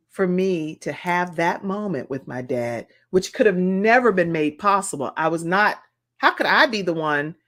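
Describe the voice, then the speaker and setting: A woman talk show host telling a personal story in an animated, expressive way. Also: fairly low pitch.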